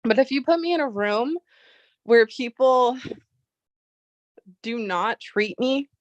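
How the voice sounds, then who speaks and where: A woman's voice: medium pitch, dry recording. A woman vlogging, telling a personal story in a casual, chatty way full of "like" and retold dialogue. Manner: chatty, full of "like" and quoted retellings. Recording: dull lo-fi audio.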